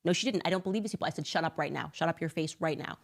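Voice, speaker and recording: A woman's voice: deep voice, very fast, gravelly. Sarcastic, scornful woman commentator. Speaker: political commentary host. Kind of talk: opinionated commentary.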